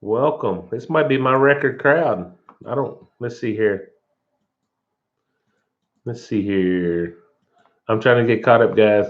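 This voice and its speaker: A man hosting a casual livestream in a relaxed way, reading viewer comments aloud and answering them. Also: medium pitch, takes it slowly, long pauses. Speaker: livestream host. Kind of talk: casual live chat. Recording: dull lo-fi livestream audio.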